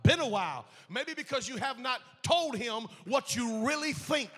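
Pastor guy preaching, really high voice, bright and tense, big church echo. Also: animated, normal speed, breathy edge. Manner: passionate, emphatic preaching with repetition. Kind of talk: sermon. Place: church sanctuary. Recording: echoey church hall.

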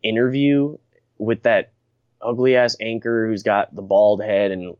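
A man's voice: on the low side, fairly even intonation, a little slow, no room sound. A young man hosting a casual podcast chat, rambling and blunt, laughing often and restarting his sentences. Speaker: podcast host. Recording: dry, dull lo-fi recording.

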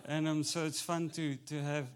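A man from South Africa whose first language is Afrikaans, preaching a light-hearted sermon with an Afrikaans accent, mixing in Afrikaans words and rising to loud, emphatic delivery. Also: a little high, level tone, normal speed. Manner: jokey, switches between English and Afrikaans, builds to loud preaching. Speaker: pastor. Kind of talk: humorous sermon.

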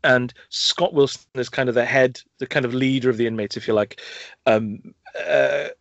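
Chatting casually about films, a young podcast host eagerly recounts scenes, rambling with plenty of fillers and false starts. He speaks at a normal pace in a steady, medium-pitched voice that is creaky and fairly bright, captured in a dull, lo-fi, dry recording.

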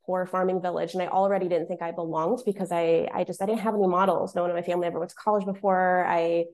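A woman's voice: fairly low pitch, little pitch movement, quick pace, darkish tone. A woman from the American Midwest hosting a casual panel conversation, talking in a chatty way with lots of fillers and restarts. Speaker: discussion host.

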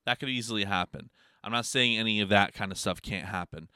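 A fairly low, smooth male voice moves at a fairly quick clip, recorded in studio quality with no room sound. He spins a rambling, casual story with lots of profanity, laughs, and constant "like" and "you know."

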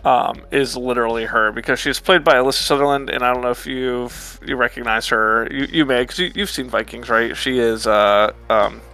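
A man's voice: medium pitch, fairly even intonation, bright, forceful tone, faint music behind. A man co-hosting a podcast, casually reviewing a movie in a rambling, swearing way. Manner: rambling, swearing, drawn-out emphatic asides. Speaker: podcast co-host.

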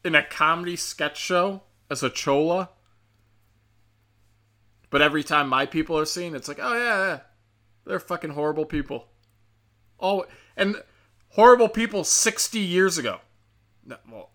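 A man's voice: a little high, lively intonation, moderate pace, bright, forceful tone. A man hosting a show, ranting in profane, sarcastic commentary and mocking the people he talks about.

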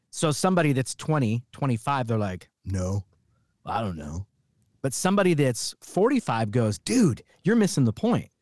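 A middle-aged man hosts a casual podcast chat, telling stories with plenty of punch. His pitch swings freely up and down as he talks. The sound is close and dry, with no room around it. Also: dry recording. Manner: animated storyteller, emphatic. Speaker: podcast host.

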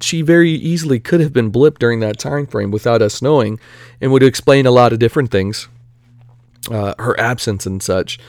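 Excitable rambling man, dry close sound. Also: mid-range voice, dry recording. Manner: rambling, excitable, full of asides and fillers. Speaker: movie news commentator. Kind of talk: casual vlog commentary.

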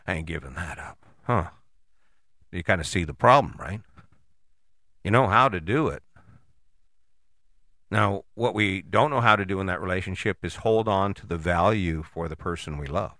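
A man giving a casual motivational talk, conversational and animated, with frequent rhetorical questions and the odd curse word. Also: sits low, no room sound, studio quality. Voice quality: casual, swears freely. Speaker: motivational host. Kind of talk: motivational monologue.

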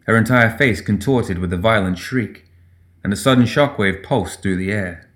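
A man giving steady, measured scripted narration of a dark fantasy story. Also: fairly low pitch.

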